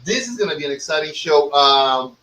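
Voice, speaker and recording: A man's voice: on the high side, expressive, fairly quick, sharp tone, slight background noise. Joking man hosting a casual cigar chat. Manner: joking, profane, rambling with many fillers. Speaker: podcast host. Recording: roomy echo, far from mic.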